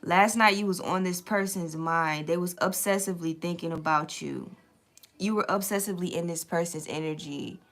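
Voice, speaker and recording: A woman's voice: lowish voice, moderate pace, a bit bright. A young woman hosting a late-night tarot live stream, chatting loosely with viewers, reading out their comments and swearing freely.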